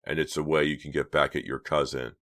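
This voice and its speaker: A sly, restless teenage boy voiced by a man in an audiobook reading. He talks low and offhand, close to the reader's own deep voice. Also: little pitch movement, fairly quick, a bit bright.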